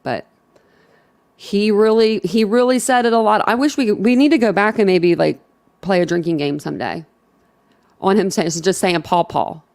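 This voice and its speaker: A woman hosting a casual livestream chat, talking in an animated, emphatic way with lots of repetition. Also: medium pitch, normal speed, pauses often. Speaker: host.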